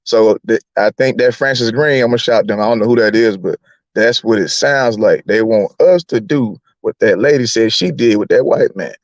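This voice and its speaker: A man in casual chat, talking animatedly and laughing, his voice jumping high when he gets worked up. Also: normal speed, dry recording, highs cut off.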